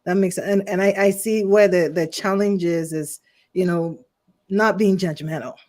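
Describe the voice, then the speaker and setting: A woman hosting an interview who reflects out loud, restarting phrases and leaning on "you know". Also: lowish voice, fairly even intonation, normal speed. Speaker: show host. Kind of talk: casual interview chat.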